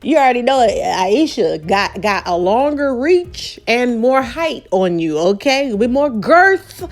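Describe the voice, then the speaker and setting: A woman's voice: a little high, very animated, unhurried. Sassy woman recapping reality TV. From Southern United States. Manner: sassy, talks straight to viewers. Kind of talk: casual reality show recap.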